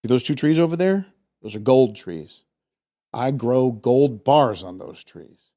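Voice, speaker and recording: A man voicing a gruff, threatening farmer as he tells a joke. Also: medium pitch, lively intonation, unhurried, mellow, close to an everyday voice.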